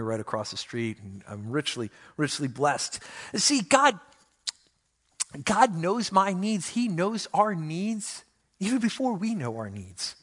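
A man, a pastor, preaching a sermon with animated, self-mocking storytelling and playful complaints to God. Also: on the high side.

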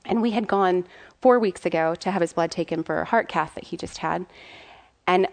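A woman in her thirties, a mother, giving an earnest and candid personal faith testimony, pausing and restarting as she speaks. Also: fairly low pitch, vocal fry.

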